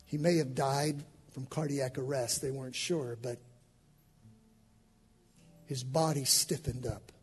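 A male pastor preaching an impassioned sermon with an altar call, swinging from hushed lines to shouted ones. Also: mid-range voice, steady tone, slow, pauses often, slightly rough, soft background music.

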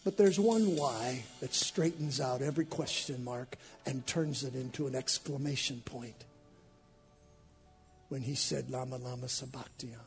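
Gravelly preacher, loud to hushed. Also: male voice, mid-range voice, measured pace, faint music behind. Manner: impassioned, swings from hushed to shouting. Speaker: pastor. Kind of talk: sermon with altar call.

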